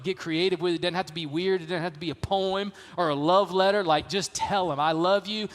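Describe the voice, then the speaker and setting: High-voiced pastor in a reverberant hall. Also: male voice, quick pace, few pauses, a bit bright. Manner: emphatic, repetitive, folksy with "man" fillers. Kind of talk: sermon. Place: church sanctuary.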